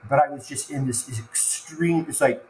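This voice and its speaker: Man haltingly telling a near-death story. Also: on the high side, a little mellow, a little hiss or hum. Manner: halting, repeats words and restarts when moved. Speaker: podcast guest. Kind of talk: emotional personal storytelling. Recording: echoey room with faint ambience.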